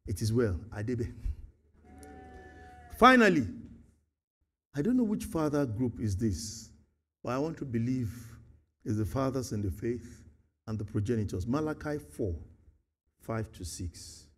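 A Nigerian man preaching a sermon, animated, acting out dialogues and slipping into Pidgin and Yoruba. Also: mid-range voice, a little slow, pauses often. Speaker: pastor.

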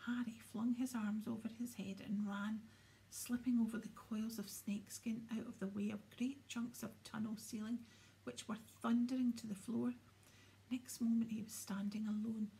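A woman reading a children's fantasy novel aloud, often sinking into a hushed whisper as she narrates. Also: a little high, low-quality recording. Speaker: audiobook reader. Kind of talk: storybook narration.

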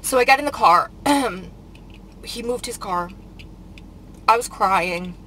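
A woman's voice: fairly high pitch, lively intonation, slow, sharp tone, a little hiss or hum, poor audio. A woman vlogger telling a painful story in a casual confessional vlog, upset and rambling with many filler words.

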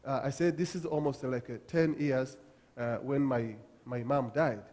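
A man from Africa preaching a sermon as pastor, with halting restarts and emphatic repetitions. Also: mid-range voice, fairly even intonation, warm tone. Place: church sanctuary. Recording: long church hall reverb.

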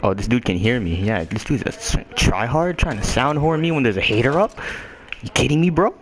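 A man's voice: mid-range voice, expressive, a little fast. A young man chatting casually while playing a shooter game, joking and trash-talking his teammate. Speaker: gamer. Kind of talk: casual gameplay chat. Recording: noisy gameplay capture.

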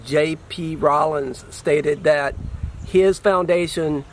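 An earnest man with a fairly high voice, speaking in halting phrases that often restart. Clear traffic noise from a nearby street runs under his talk. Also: steady tone, rough recording. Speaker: guest, healthcare business owner. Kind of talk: casual motivational chat. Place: outdoors by a road.

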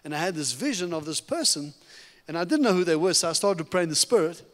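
Middle-aged guy from africa preaching his testimony, pretty high voice, big reverb church hall. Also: fast talker. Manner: animated, humorous storytelling. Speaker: guest preacher. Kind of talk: testimony sermon. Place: church sanctuary.

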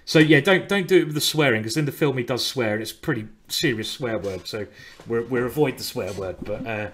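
A man's voice: medium pitch, brisk, fairly bright tone, a little hiss or hum. A man coaching chess on a live stream in a chatty, playful way, often repeating his words. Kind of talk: casual live-stream commentary.

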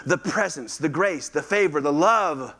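A male pastor preaching a lively sermon, acting out voices and calling on the congregation to respond. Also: a little high, measured pace. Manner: animated, acts out quoted voices, asks the congregation to respond. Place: church sanctuary.

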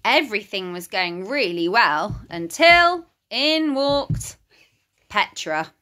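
A woman from a primary school reading a children's storybook aloud in a playful, expressive manner. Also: mid-range voice, slow.

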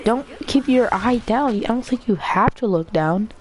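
Excitable woman chatting while gaming. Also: on the high side, moderate pace, a little hiss or hum. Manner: excitable, squeals and laughs, talks to the screen. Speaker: gamer. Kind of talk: casual gameplay commentary.

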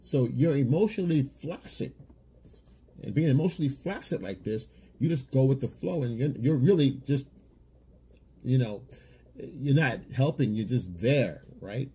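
A man with a warm, slightly husky voice delivers a monologue of relationship advice. He is blunt and lecturing, and he repeats phrases as he drives each point home. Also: mid-range voice, expressive, normal speed. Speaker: dating coach.

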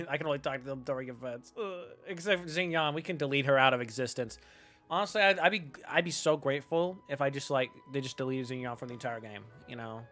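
A male game streamer with a bright, forceful tone who rants and jokes sarcastically over the gameplay. Soft music plays behind him. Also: mid-range voice, fast talker. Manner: sarcastic, ranting, joking. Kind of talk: gameplay commentary.

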